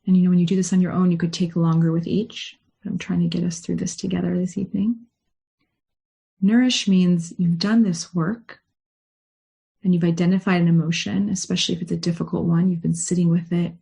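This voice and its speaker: A woman rabbi leading a guided meditation and teaching, with a gentle, unhurried guiding tone. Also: on the low side, level tone, gravelly, breathy edge. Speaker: rabbi leading a study session.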